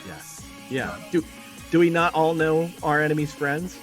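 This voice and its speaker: A man's voice: on the high side, very animated, unhurried, soft background music. A man hosting a live art battle stream with jokey, announcer-style commentary, stretching words for effect.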